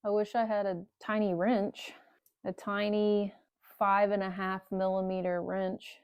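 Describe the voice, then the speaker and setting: A woman's voice: medium pitch, little pitch movement, unhurried, a little mellow, clear, resonant tone, dry recording, dull audio. Muttering, sarcastic woman in a cold garage. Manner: muttering, cursing and sarcastic to herself. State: cold, struggling with hands. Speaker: motorcycle vlogger. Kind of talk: casual talk-to-camera while working.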